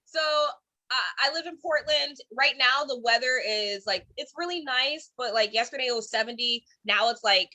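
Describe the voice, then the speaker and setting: A woman comedian in her thirties from Cleveland, telling stand-up stories online with animated voiced quotes. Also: sits high, moderate pace. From Cleveland, Ohio. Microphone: streaming from home.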